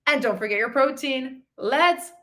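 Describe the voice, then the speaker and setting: High-pitched and sharp in tone, this woman speaks at a measured pace. She's a fitness and mindset coach hosting a livestreamed motivational podcast, chatting cheerfully with her audience and reading their comments.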